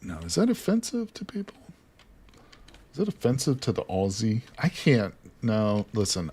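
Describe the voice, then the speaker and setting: A man's voice: lowish voice, husky. An American man live-streaming a game, chatting casually with viewers and teasing them, cursing now and then. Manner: joking, teasing, swears casually.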